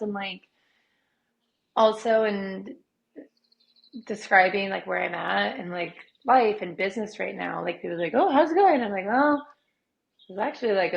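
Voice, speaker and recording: A woman's voice: mid-range voice, creaky, dull audio. A woman guest in a casual podcast chat, rambling with constant filler words. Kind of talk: casual conversation.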